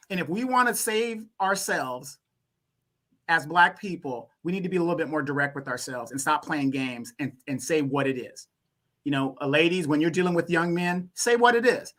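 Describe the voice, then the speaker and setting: A man from Louisiana, a guest on a talk show, speaking bluntly and animatedly. His pitch jumps up when he makes a point. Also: brisk, a bit bright. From Louisiana, USA. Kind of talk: casual opinion talk.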